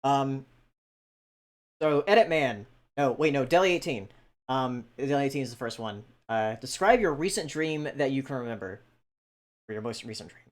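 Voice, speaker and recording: A man's voice: mid-range voice, lively intonation, normal speed. Man, podcast host, casual chat, hesitant, reads viewer questions. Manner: hesitant, many ums and restarts.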